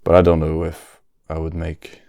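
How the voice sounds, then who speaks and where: A man's voice: a bass voice, monotone, moderate pace, warm tone, no room sound. A man, hosting a casual solo podcast, often stopping to search for words and restarting his sentences. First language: French. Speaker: podcast host.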